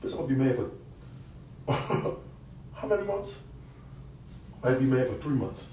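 A man ranting on a live stream, loud, taunting and profane, laughing often. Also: mid-range voice, sing-song, a little slow, roomy sound, recorded from a distance, slight background noise, poor audio. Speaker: social media personality.

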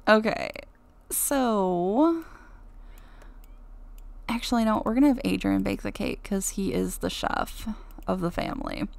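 A young adult woman hosting a life-sim Let's Play, chatting excitably and giggling as she plays. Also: mid-range voice, unhurried, vocal fry, long pauses. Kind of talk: game commentary.

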